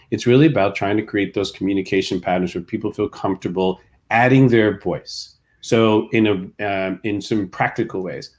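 A man who co-founded a company, a guest in an interview, explaining his ideas thoughtfully with examples. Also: fairly low pitch. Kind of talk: casual interview.

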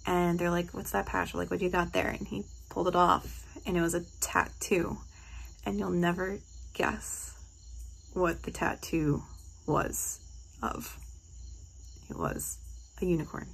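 Woman, from New Jersey, casual phone vlog, gravelly, emotional and gushing. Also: lowish voice, measured pace, long pauses, a little hiss or hum, rough recording. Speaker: vlogger. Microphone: phone held close.

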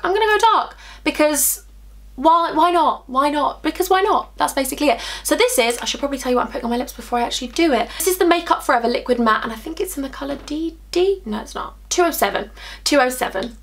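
Young woman, beauty vlogger, bright higher voice, excitable and chatty. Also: fast talker. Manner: bubbly, excitable and candid, chatting to viewers. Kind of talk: chatty makeup tutorial.

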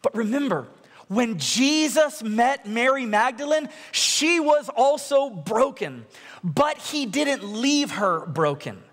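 A young adult man, a pastor, preaching a sermon in a large church, telling stories with lively asides and quoted voices. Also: very high-pitched, takes it slowly, long reverb tail. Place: large church worship center.

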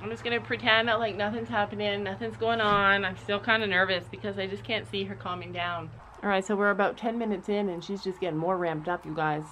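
A woman's voice: mid-range voice, steady tone, brisk, bright, forceful tone. Young woman vlogger, chatty and anxious, soothing a nervous horse; light background noise. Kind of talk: casual vlog narration. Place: horse trailer outdoors.

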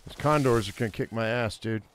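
Man, gameplay commentary, muttering to himself, quick to get annoyed, swears, mid-pitched voice. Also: slight background noise. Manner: talks to himself, easily frustrated, swears. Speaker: gaming channel host.

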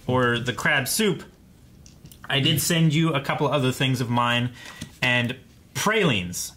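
A man co-hosting a casual group show, reading a viewer's letter aloud haltingly and laughing often. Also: mid-range voice, pushed and bright, a little hiss or hum.

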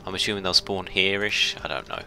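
A man giving chatty, self-mocking let's play commentary, shouting orders at his ships when excited. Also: deep voice, a little fast, gravelly, faint music behind. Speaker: gameplay commentator.

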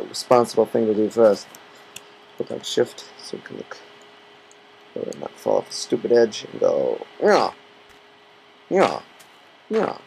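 A Minecraft let's player rambles goofily and talks to himself in casual gameplay commentary, his very lively voice gravelly and husky. It's a rough recording made on his computer's built-in mic, not a headset, with computer fan hum behind him.

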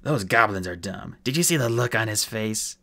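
Audiobook character: a man playing a low, gruff dwarf, blunt and crude. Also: animated, normal speed, pushed and bright, full character voice.

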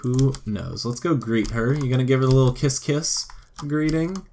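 A young man with a mid-range, slightly mellow voice at normal speed does let's play commentary on a life-sim game. He's playful and sarcastic, talking directly to the characters on screen.

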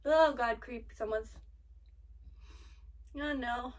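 A woman reacting aloud to an anime episode, excitable and fretful, gasping, swearing and cheering as she watches. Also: fairly high pitch, slow, far from the mic. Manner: excitable, gasps and frets aloud, swears often. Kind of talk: live anime reaction commentary.

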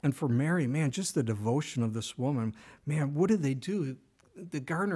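A middle-aged man preaching a sermon in a casual, conversational way, telling the story with lively emphasis and dropping to a whisper for quoted words. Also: on the high side, normal speed, breathy edge. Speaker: pastor.

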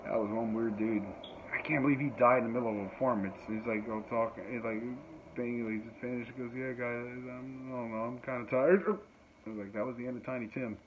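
In a dull lo-fi home recording with faint background noise, a male musician and podcast host chats casually. His mid-range voice keeps a steady tone at a brisk clip as he rambles, with many fillers and laughs.

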